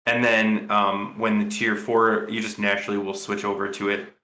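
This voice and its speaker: Bright-voiced man rambling in an echoey room. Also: fairly low pitch, level tone, moderate pace. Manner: rambling, thinks aloud with many fillers and restarts. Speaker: podcast co-host. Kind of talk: casual podcast chat.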